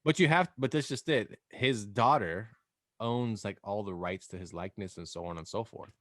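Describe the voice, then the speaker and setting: A man hosting a podcast in casual chat, rambling and animated, swearing freely. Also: on the low side, moderate pace, no room sound, clean studio sound. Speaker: podcast host.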